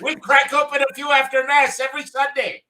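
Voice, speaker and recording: A man's voice: extremely high pitch, level tone, fairly quick, pushed and bright, voice pushed up, exaggerated voice. A man voicing a jovial older Catholic priest who talks in a hearty, folksy way.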